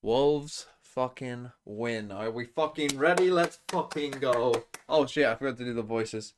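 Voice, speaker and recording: A man co-streaming an esports watch party, chatting casually, excitable and rambling, swearing freely. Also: medium pitch, a little slow, noisy background.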